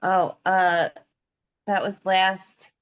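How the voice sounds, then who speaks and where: A woman in her thirties co-hosting a podcast, chatting casually and laughing her way through animated stories. Her voice sits in an ordinary middle register. The recording sounds slightly dull and lo-fi. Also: medium pitch, drawn-out words, clean tone. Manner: animated storyteller, laughs often while talking. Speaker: podcast co-host. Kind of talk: casual chat.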